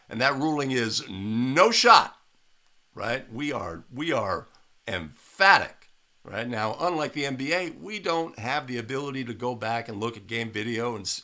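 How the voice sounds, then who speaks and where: Bright-voiced man coaching officials. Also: mid-range voice. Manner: emphatic, coaching tone with frequent "right?". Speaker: basketball officiating instructor. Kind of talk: video analysis commentary.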